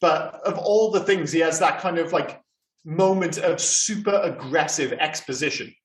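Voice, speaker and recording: A man's voice: a little high, moderate pace, reverberant. A man co-hosting a podcast in casual, chatty talk, swearing now and then. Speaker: podcast co-host. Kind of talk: casual chat.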